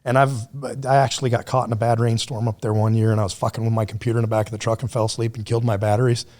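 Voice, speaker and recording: A man's voice: on the low side, little pitch movement, very fast, darkish tone. A man as a podcast guest, telling stories in a blunt, laid-back way with plenty of swearing. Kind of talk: casual storytelling chat.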